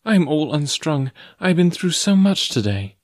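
A gentle young woman, voiced by a man, speaks in a soft, imploring way. The pitch sits well above a man's usual voice. The recording is close and dry. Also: big pitch swings, moderate pace, dry recording. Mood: pleading.

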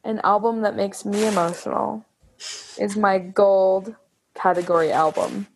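A woman's voice: medium pitch, steady tone, measured pace, husky. Effusive woman co-hosting a music podcast. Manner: effusive, swears, laughs often. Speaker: podcast co-host. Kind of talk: casual chat about music.

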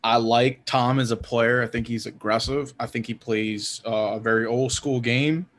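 A man's voice: medium pitch, fairly even intonation, normal speed, fairly bright tone, a little hiss or hum. A man co-hosting a casual hockey podcast, rambling and swearing freely, laughing often. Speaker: podcast co-host.

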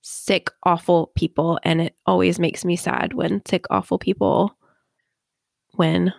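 A woman's voice: lowish voice, level tone, measured pace, gravelly, a little mellow, dry recording, clean studio sound. A young woman co-hosting a casual true-crime podcast, chatty and earnest, with lots of "like". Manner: chatty, earnest, says "like" often. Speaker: podcast co-host.

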